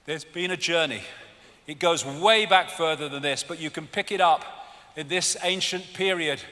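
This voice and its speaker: An English man giving a live seminar lecture, animated and mocking, swearing freely. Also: fairly high pitch, normal speed. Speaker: seminar speaker. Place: lecture hall with audience. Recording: long hall reverb, faint audience.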